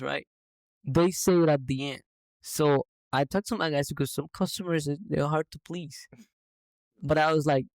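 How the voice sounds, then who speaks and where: A man who owns a business, telling a story in a lively, casual way on a podcast. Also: a little high, normal speed, dry recording, poor audio. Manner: animated anecdote telling. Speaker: business owner.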